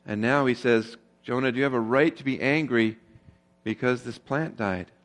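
A man's voice: medium pitch, moderate pace. Man preaching a conversational sermon. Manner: conversational preaching with rhetorical questions; grows more emphatic when stressing a point. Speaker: pastor.

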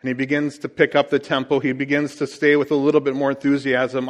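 A man's voice: mid-range voice, little pitch movement, quick pace. A man, preaching as a pastor with chatty, self-deprecating humor and frequent fillers. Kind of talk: sermon with church announcements.

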